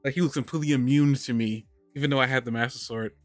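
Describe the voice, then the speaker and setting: A man talking loosely on a podcast, tripping over his own words and circling back as he goes. His voice is of middle pitch and sits close and dry on the mic, with faint music under it. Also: steady tone, fast, no room sound. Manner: rambling, lots of restarts and laughter. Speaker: podcast host. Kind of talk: casual podcast chat. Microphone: studio microphone on a live stream.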